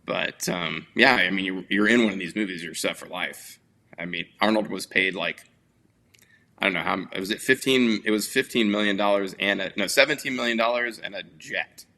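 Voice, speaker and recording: A man's voice: low voice, normal speed, sharp tone. A man hosting a casual movie review podcast, telling stories in a rambling way with lots of fillers. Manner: rambling, filler-heavy storytelling. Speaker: podcast host.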